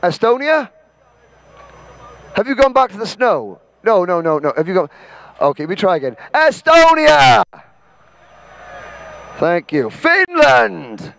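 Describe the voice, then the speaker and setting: A Welsh man from Wales hosting an event, directing a crowd with bossy jokes and shouting out names. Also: sits high, expressive, normal speed, long pauses. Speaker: event host. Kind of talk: directing a crowd and calling a roll.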